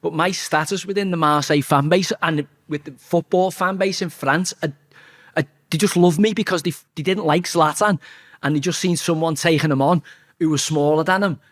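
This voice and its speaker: A man telling a blunt, sweary story as an interview guest, talking fast and animated. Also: a little high. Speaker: interview guest, former footballer.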